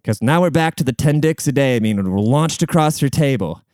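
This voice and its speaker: A man's voice: medium pitch, expressive, brisk, darkish tone, dry recording, studio quality. A young man hosting a podcast, giving a crude, profane, rambling monologue in casual chat.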